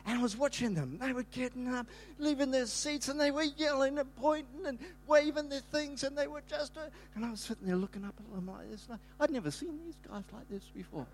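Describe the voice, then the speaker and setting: An older man, a pastor, telling a rambling, animated story in a sermon, breaking into sudden shouts. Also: extremely high pitch, a little fast, hardly any pauses, a little hiss or hum.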